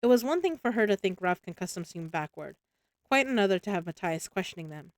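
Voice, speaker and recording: A woman's voice: mid-range voice, a little fast, no room sound. Woman narrating a novel aloud on stream. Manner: relaxed reading with small slips and restarts. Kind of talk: audiobook-style narration.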